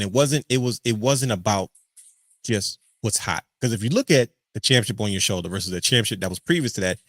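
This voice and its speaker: A man hosting a casual podcast chat, animated and joking as he rants. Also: fairly low pitch, no room sound. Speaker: podcast host.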